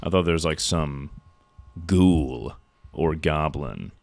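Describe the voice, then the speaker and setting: A man's voice: very deep voice, slow, creaky, darkish tone, dry recording. A young man streaming a horror game live, joking loosely and reading out chat. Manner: jokey, reacts to chat and thanks subscribers.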